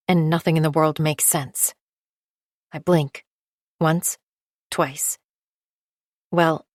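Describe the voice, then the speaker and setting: Brief: female audiobook narrator, low and even, restrained first-person delivery, dry studio sound. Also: no room sound.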